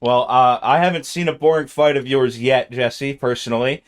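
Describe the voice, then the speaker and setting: A man's voice: mid-range voice, fairly even intonation, moderate pace, clear, resonant tone. A man interviewing a fighter, earnest and eager, often stumbling and restarting his sentences. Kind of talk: interview questions.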